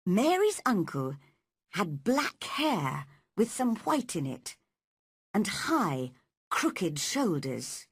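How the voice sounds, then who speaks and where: A woman reading a story aloud at a slow, careful pace for learners. Her voice rises and falls freely with a slightly husky edge, recorded close and dry. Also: medium pitch, huge pitch swings, no room sound. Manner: slow and clearly paced. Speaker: narrator. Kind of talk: slow scripted narration for learners.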